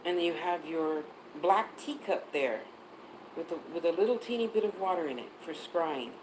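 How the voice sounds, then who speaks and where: A woman's voice: fairly low pitch, expressive, normal speed, background noise. A woman on a casual livestream as a psychic reader, chatting and answering viewer comments, sometimes spelling words out.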